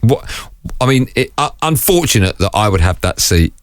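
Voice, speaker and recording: A man with a lowish voice tells a story to his co-host, his pitch rising and falling a lot as he goes. He laughs through his own anecdote, and the sound is close and dry with no room around it. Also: moderate pace, no echo. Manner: laughing, animated anecdote-telling. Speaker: podcast co-host. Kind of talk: casual chat, storytelling.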